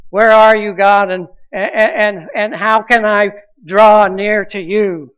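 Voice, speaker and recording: Man, pastor, preaching, earnest, stumbling restarts, high voice, muffled lo-fi sound. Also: smooth. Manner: earnest preaching with repeated restarts and rising emphasis. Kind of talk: sermon.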